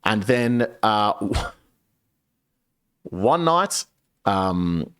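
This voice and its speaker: A man streaming and telling a long story to his chat, casual and profane, with lively shifts into the voices of the people he quotes. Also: extremely slow, smooth. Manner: animated, profane, swings pitch when quoting people.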